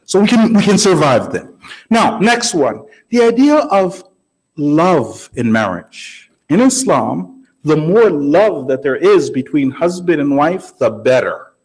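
This man preaches in a chatty style, constantly turning to his listeners with "right?" He's very animated but takes things slowly, at a fairly high pitch, and the audio is poor.

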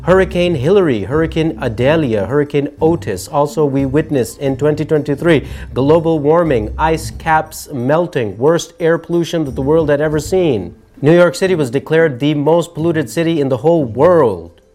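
A man's voice: a little high, moderate pace, hardly any pauses, a little mellow, faint music behind. A man hosting a year-end commentary show, wry and sermonizing with jokey asides. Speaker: show host.

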